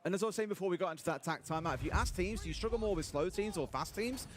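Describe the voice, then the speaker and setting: Fast-talking male esports caster. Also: high voice, animated. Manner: brisk, analytical, explaining tactics. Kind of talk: live play-by-play and analysis. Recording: broadcast audio with noisy background.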